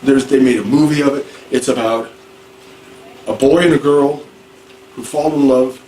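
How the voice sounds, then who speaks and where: A man's voice: medium pitch, fairly even intonation, normal speed, mellow. Man teaching class in an echoey room. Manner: rambling, conversational, asks the class questions. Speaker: ESL teacher. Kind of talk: classroom lecture. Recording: echoey room, distant mic, noisy.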